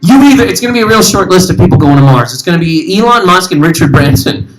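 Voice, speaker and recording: A man doing stand-up comedy on stage, rambling and animated as he chats with the audience. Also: high voice, fast talker, noisy background. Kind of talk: stand-up comedy with crowd work. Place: live comedy venue.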